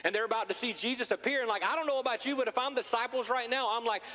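Man, pastor, preaching a sermon, high voice, animated and joking, church hall reverb. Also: racing, few pauses. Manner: animated, joking, acts out scenes.

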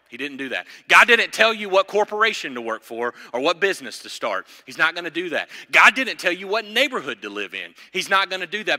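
Bright-voiced preacher in a reverberant hall. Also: male voice, a little high. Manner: preaching with rising, emphatic bursts. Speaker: pastor. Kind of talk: sermon.

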